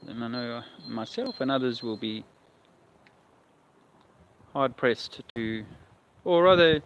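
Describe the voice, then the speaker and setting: Rambling with dry wit, a man livestreams while out on a walk. His mid-range voice is expressive, slow, a bit bright, and clean in tone. The outdoor audio is dull and lo-fi, carrying faint noise.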